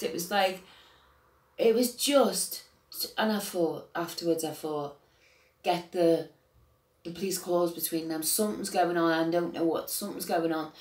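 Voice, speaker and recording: An older woman and grandmother, telling an agitated personal account that swings between quiet and loud outbursts, with swearing. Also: on the low side, expressive, moderate pace, roomy sound. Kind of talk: emotional personal account to camera.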